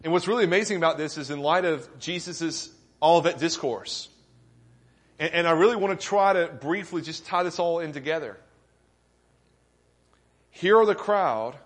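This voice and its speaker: A man's voice: fairly high pitch, moderate pace, long pauses. Earnest male pastor preaching a sermon. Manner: earnest, questioning the congregation, rising with emphasis.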